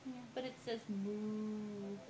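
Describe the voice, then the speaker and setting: A woman's voice: mid-range voice, steady tone, takes it slowly. A woman talking patiently and encouragingly to her toddler at home, in a sing-song way. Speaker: mother. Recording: echoey room with loud noise.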